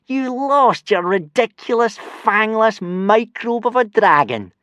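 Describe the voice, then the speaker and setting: A man's voice: a little high, sing-song, moderate pace, no room sound, studio quality, voice pushed up. A man voicing a spiteful Viking boy who jeers and mocks, in a storybook reading. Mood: jeering. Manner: sneering, mocking.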